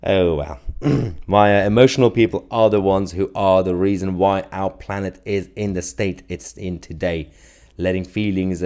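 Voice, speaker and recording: A man hosting a live political stream, reading out chat comments with a sarcastic, animated manner and frequent laughs. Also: sits low.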